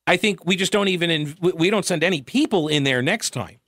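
A man's voice: sits high, fairly quick, sharp tone, no room sound. A man hosting a talk radio show, giving sarcastic commentary with wry laughs into a studio microphone.

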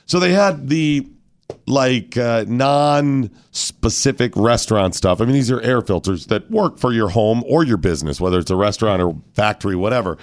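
A man with a hoarse voice hosts a morning talk radio show, swinging into lively storytelling and acting out what others said. His voice sits at an ordinary pitch for a man. He chats with a co-host in easy banter. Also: moderate pace. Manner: animated storyteller, acts out other people's lines.

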